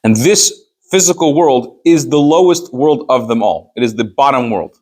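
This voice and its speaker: A man's voice: medium pitch, expressive, moderate pace, a little mellow. A man teaching a text-class, with a mid-range voice. He reads lines aloud, translates them, and explains them with pointed rhetorical questions. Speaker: rabbi teaching a Chassidus class. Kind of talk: Torah study class, reading and translating a text.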